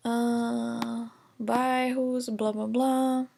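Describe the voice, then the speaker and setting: A young adult woman teaching Portuguese in a recorded lesson, explaining examples slowly in English and Portuguese with many fillers. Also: fairly high pitch, level tone, vocal fry, a little mellow. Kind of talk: recorded online lesson lecture.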